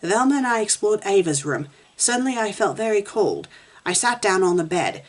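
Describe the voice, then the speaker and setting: A woman's voice: medium pitch, very animated, moderate pace. Woman fanfic critic reading aloud, wry commentary between lines. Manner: wry, giggly asides. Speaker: fan fiction critic. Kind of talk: reading a fan story aloud with asides.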